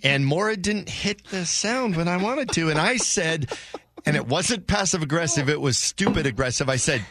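A man's voice: on the high side, expressive, normal speed, fairly bright tone, dry recording, clean studio sound. A man co-hosting a radio show, telling a self-deprecating story in casual banter. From United States.

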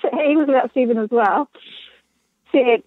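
A woman's voice: a little high, moderate pace, dry recording. New woman caller on a dull phone line. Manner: lively, self-mocking storytelling. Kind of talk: casual on-air anecdote.

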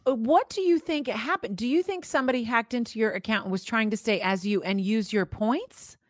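A woman's voice: on the high side, fairly quick, no room sound, studio quality. Woman co-host reacting in casual chat. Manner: reacts with short gasps and exclamations. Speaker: podcast co-host.

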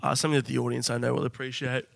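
A man co-hosting a casual comedy podcast, jokey and quick to laugh. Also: medium pitch, flat delivery, creaky, no room sound, studio quality. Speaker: podcast co-host.

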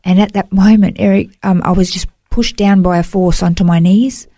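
A woman recounts her life in an interview, speaking earnestly and emotionally. Her voice is warm and mellow, recorded close and dry with no room sound, and she often stops to restart a phrase. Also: medium pitch, fairly even intonation, moderate pace, no room sound. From Australia. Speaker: interview guest. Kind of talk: personal testimony in a podcast interview.

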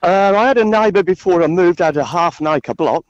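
A man's voice: sits high, brisk, no room sound. A man calling in to a radio show with an aggrieved, exasperated story. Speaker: radio caller. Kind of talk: phone-in storytelling. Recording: dull dry phone-in line.

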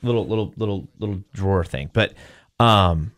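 A man's voice: low voice, moderate pace, no echo, studio quality. A male podcast host retells a story casually, acting out quotes as he goes. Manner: animated retelling, acts out quotes.

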